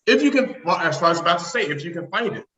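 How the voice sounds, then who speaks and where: A man with a high, sharp, bright voice tells sarcastic stories in a casual political chat. The room is echoey and the sound is dull and lo-fi, with a faint hiss behind him. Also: rapid-fire. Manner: animated storyteller, joking and sarcastic. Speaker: podcast co-host.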